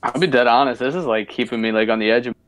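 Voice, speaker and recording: A man's voice: medium pitch, rapid-fire, a bit bright, no room sound. Hesitant man at a game table, dry mic. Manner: hesitant, filler-heavy, stumbling. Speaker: player. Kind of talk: casual chat at a game table.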